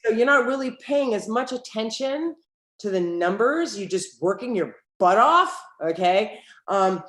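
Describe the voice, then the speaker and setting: A middle-aged woman, an entrepreneur guest on an interview, telling stories in a lively way and acting out the dialogue in them. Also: on the high side, measured pace. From United States. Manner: lively storyteller who acts out quoted dialogue. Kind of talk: conversational interview. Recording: roomy echo.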